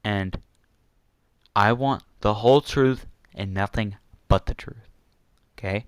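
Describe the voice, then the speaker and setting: A young YouTuber vents at his viewers in an angry, repetitive rant vlog, flipping between insults and apologies. His fairly low voice is smooth and clear, and he speaks slowly. The recording is dry and close-miked.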